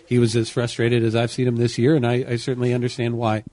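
A man's voice: mid-range voice, monotone, quick pace, mellow, dry recording. Man, out of breath, earnest radio football commentator, dry sound. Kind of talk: postgame radio sports talk.

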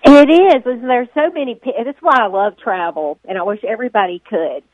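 A woman's voice: fairly high pitch, moderate pace, no room sound. A woman from Central Florida with a Southern accent, chatting as a guest musician over the phone, rambling and laughing often. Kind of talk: casual phone interview. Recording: tinny phone line.

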